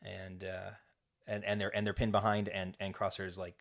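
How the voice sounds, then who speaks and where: A man co-hosting a podcast, excitedly recapping scenes in casual chat. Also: low voice, normal speed, creaky. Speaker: podcast co-host.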